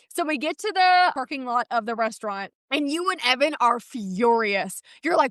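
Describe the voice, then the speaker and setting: A woman's voice: sits high, expressive, a little fast, few pauses, a bit bright, dry recording, clean studio sound. A woman co-hosting a podcast, chatting casually and telling stories with lots of swearing and acted-out voices. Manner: swearing, acts out voices in her story. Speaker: podcast co-host. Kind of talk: casual chat, animated storytelling.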